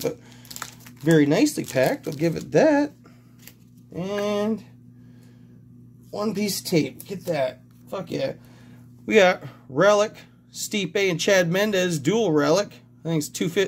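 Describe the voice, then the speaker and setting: A man's voice: sits high, animated, unhurried, long pauses, a little hiss or hum. A man hosting a casual card-opening vlog, agitated and rambling, swearing constantly. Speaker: sports card collector vlogger.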